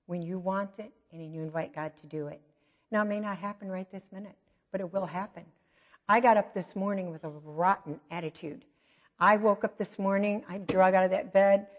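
A middle-aged woman with an ordinary female pitch gives a conversational sermon at church, chatty and self-mocking, full of stories and quick asides. The lo-fi recording sounds dull, with a long echo from a large hall.

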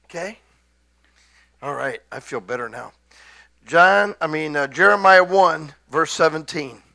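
Excitable high-voiced gravelly preacher man. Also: unhurried, no room sound. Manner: excitable, swinging from hushed to shouted scripture. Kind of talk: sermon.

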